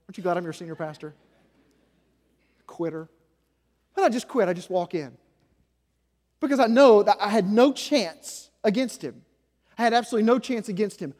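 High-voiced pastor preaching in a reverberant hall. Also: male voice, expressive, moderate pace, pauses often. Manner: dramatic swings between loud emphasis and hushed low delivery. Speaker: senior pastor. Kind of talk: sermon.

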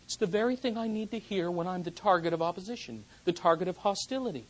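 A preacher delivering a sermon, talking emphatically and swinging between hushed and loud. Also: mid-range voice, lively intonation, rough recording. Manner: slows down for quoted verses.

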